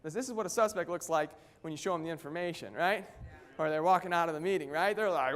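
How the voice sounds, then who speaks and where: A man giving an energetic motivational talk at a company event, constantly firing questions at the audience. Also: fairly high pitch, quick pace. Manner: energetic, keeps quizzing the audience. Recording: long hall reverb.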